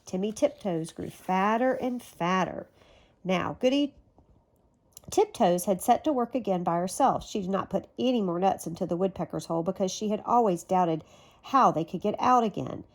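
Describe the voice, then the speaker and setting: A woman reading a children's story aloud in a gentle, even storytelling manner. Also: medium pitch, normal speed. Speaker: storybook reader.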